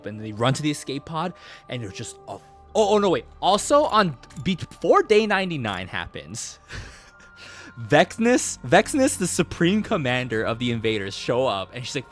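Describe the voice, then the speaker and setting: A man's voice: mid-range voice, sing-song, unhurried, a bit bright, soft background music. A male streamer casually recapping a game, rambling and swearing, with lots of fillers and restarts. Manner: rambling, profane storytelling with many fillers.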